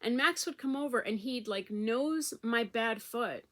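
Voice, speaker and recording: A woman's voice: on the high side, a little slow. A middle-aged woman vlogger chatting casually to camera, telling a rambling personal story with fillers and restarts.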